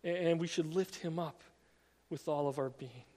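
A man preaching an earnest sermon, slowing down to stress key phrases and often repeating words. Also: fairly high pitch, a little mellow, in a large hall.

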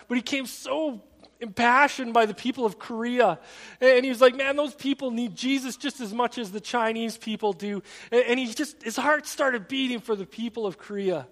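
A man's voice: sits high, a bit bright. A pastor, a man, preaching a sermon in a conversational, earnest storytelling manner in a church sanctuary. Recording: long reverb of a large hall.

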